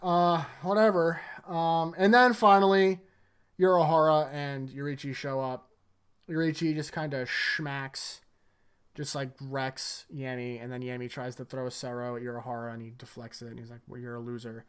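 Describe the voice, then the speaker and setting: A man's voice: medium pitch, little pitch movement, normal speed, clear, resonant tone. A man casually recapping anime episodes in front of a green screen, rambling with lots of fillers like "like" and "uh".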